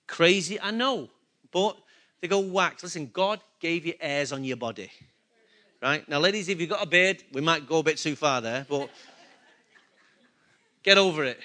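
A man's voice: a little high, expressive, normal speed, long pauses, bright, forceful tone. A man preaching a sermon, talking conversationally and throwing questions at the congregation. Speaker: pastor.

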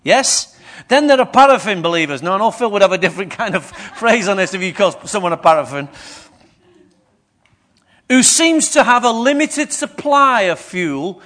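A man's voice: high voice, lively intonation, moderate pace, a bit bright. A man preaching a sermon, questioning his congregation as he goes.

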